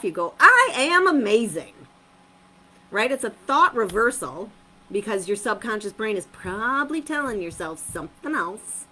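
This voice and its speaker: Upbeat woman host of a motivational stream, bright lively voice, emphatic repeats. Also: a little high, low-quality recording. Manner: upbeat, emphatic, repeats phrases, laughs often. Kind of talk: live-streamed motivational talk.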